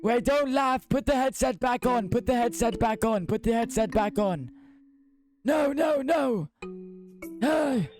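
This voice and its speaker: A fussy, confused old man played by a man whines and repeats himself in a very high, thin voice. He keeps insisting and talking over the other person on a phone call, with faint music underneath. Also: lively intonation, a little slow, darkish tone. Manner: whiny, repetitive, insistent. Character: fussy confused older male caller.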